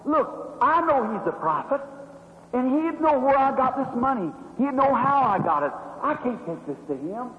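A desperate, tearful woman pleading in high, breaking bursts, as a man preaching puts her on. The sound is dull and lo-fi, rings around a large hall with a long tail, and carries a faint hum. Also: sing-song, slow, heavily acted. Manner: pleading, tearful, breathless outbursts. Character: weeping repentant woman, desperate and tender.

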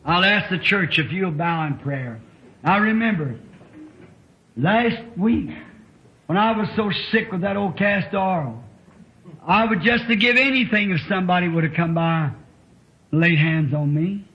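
A preacher leads a healing service, pleading in a fervent, drawn-out way. His voice sits a little high for a man. It rings through a very echoey church on a dull old recording. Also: expressive. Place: church hall.

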